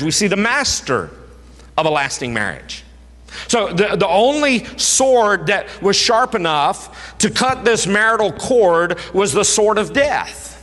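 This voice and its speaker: A male pastor preaching a sermon, emphatic, swinging from raised urging to hushed low tones. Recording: reverberant hall.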